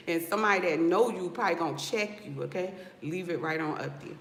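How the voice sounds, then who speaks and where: A woman from Newark with a West Coast hip-hop inflected American accent, a loc stylist talking casually to her livestream viewers, sassy and animated. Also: lowish voice, fast talker, few pauses. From Newark, New Jersey. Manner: sassy, animated, addresses viewers with "y'all" and "okay?". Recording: roomy echo with faint background ambience.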